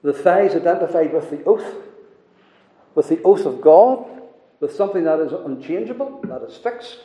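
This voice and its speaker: A man preaching a sermon with a preaching cadence, moving between hushed passages and loud ones. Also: on the high side, expressive, normal speed. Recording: echoey hall with long reverb.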